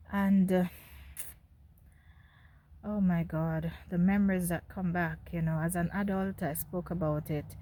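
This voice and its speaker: A woman's voice: fairly low pitch, expressive, measured pace, pauses often, darkish tone, slight background noise. Jamaican woman telling her own story. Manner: candid, speaks directly to viewers, laughs between remarks. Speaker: host. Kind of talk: personal storytelling monologue.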